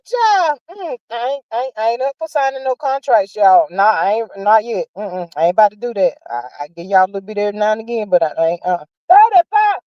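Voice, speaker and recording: A woman hosting a casual livestream, chatting about celebrity news in a sassy, drawn-out way and calling viewers honey and child. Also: fairly high pitch, dark tone, no room sound, highs cut off. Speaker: livestream host. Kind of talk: casual gossip chat.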